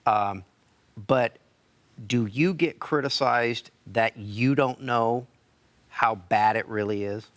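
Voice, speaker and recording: A man's voice: medium pitch, slow, a bit bright, no echo. A man hosting a TV interview, asking questions in an affirming way. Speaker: TV show host. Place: TV studio.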